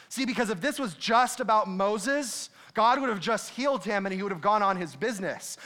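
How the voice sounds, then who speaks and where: A young man preaching a sermon, animated, who laughs and acts out quoted voices. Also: high voice. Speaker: pastor.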